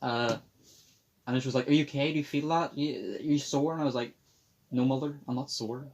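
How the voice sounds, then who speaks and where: A man's voice: mid-range voice, fairly quick, a little mellow, muffled recording, slight background noise. Young man telling stories. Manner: swears often, tells stories with a dry, offhand tone. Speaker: podcast host. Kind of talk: casual chat.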